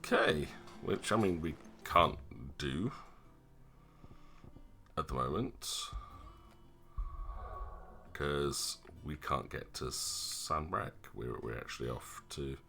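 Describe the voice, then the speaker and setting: A man's voice: rumbling low, animated, takes it slowly, creaky, pauses often, bright, forceful tone. A man giving live, chatty, sarcastic commentary while streaming a video game. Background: game music.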